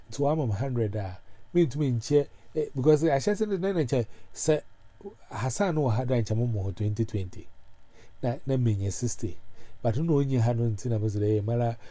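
Rambling Ghanaian man, dark voice. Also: mid-range voice. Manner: rambling, animated, full of fillers. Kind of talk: casual chat mixing pidgin and Twi.

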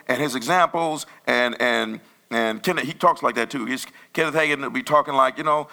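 A man preaching a sermon as pastor, talking in a loose, conversational way with sudden loud bursts. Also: medium pitch, a little fast, gravelly, hardly any pauses.

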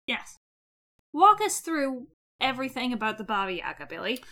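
A woman co-hosting a podcast in casual chat. Her voice sits high and sounds bright and sharp. She is blunt and skeptical and swears offhandedly. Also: very animated, normal speed. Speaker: podcast co-host.

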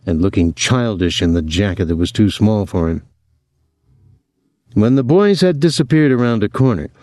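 A man narrating a novel chapter in a measured, steady reading. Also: lowish voice, no echo, studio quality. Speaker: audiobook narrator. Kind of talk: scripted narration.

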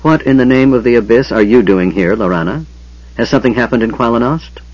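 A man's voice: medium pitch, fairly quick, darkish tone, no room sound, lightly acted. A man voicing a stern male half-elf warrior leader who speaks firmly and snaps when irritated. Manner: firm, snappish, commanding. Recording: dull lo-fi sound.

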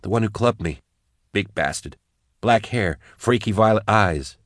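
A bruised but fierce woman prisoner, played by a male reader in a lifted, urgent voice. Her lines come sharp and sarcastic, recorded close and dry. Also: lowish voice, lively intonation, a little slow, no room sound, voice pushed up.

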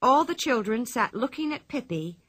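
A woman reads a children's storybook aloud in a bright, clear voice whose pitch moves freely. Her delivery is expressive and even-paced. The recording is dry and close to the mic. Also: normal speed, no room sound. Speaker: narrator.

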